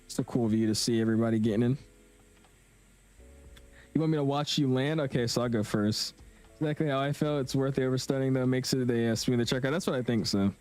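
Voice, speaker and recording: Talking fast in a slightly mellow, medium-pitched voice, this young man streams flight sims and chats casually with his audience. He's slangy and chatty and reads viewers' messages aloud.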